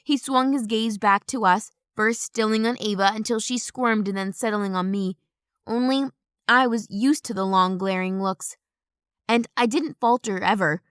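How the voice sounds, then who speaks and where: A woman giving brisk, expressive first-person audiobook narration on a close studio mic. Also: mid-range voice, clear, resonant tone, no echo.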